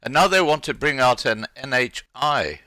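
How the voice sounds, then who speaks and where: A man hosts a live interview with a bright, forward voice at an ordinary pitch for a man. He reacts to his guest and often stammers as he restarts his sentences. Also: expressive, normal speed. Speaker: host.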